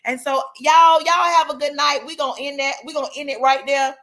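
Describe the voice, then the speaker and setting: A woman hosts a casual chat show, her voice bright and forward. She talks with feeling, circling back to the same grateful phrases in a churchy cadence. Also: high-pitched, steady tone, fairly quick, poor audio. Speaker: host.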